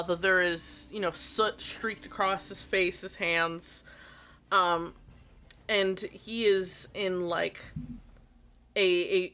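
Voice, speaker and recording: A woman narrating as game master of a tabletop game, rambling with many fillers and quick apologies. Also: fairly low pitch, sharp tone.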